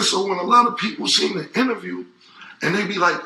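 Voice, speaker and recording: A man's voice: high voice, expressive, a little fast, gravelly, noisy background. A man in his forties talking in a casual interview, emphatic and repetitive, with a profane street way of speaking. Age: 40s. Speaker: interview guest. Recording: roomy echo.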